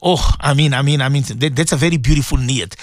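A man who hosts a morning radio show as a Muslim cleric. He preaches emphatically to his listeners, repeating his points, and slows into drawn-out prayers. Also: mid-range voice, no echo, studio quality. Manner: emphatic and repetitive, exhorting listeners.

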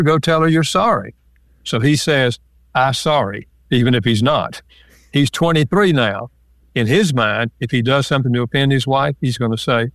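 A man's voice: mid-range voice, a bit bright, dry recording, studio quality. An older man, an author and marriage counselor, answering interview questions and acting out example phrases as he explains. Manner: explains in numbered lists with acted-out example quotes.

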